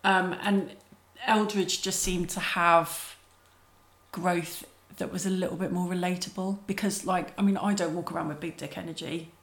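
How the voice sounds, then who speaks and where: A woman chatting casually about a film, playful and quick to act out quotes. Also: on the low side, steady tone. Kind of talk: casual film discussion chat. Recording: echoey room.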